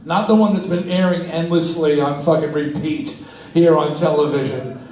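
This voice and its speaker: A man in his sixties telling stories on stage as a guest, animated and swearing freely, laughing as he talks. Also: a little high, moderate pace. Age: 60s. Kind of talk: profane live storytelling. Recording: echoey, distant live-room sound with faint noise.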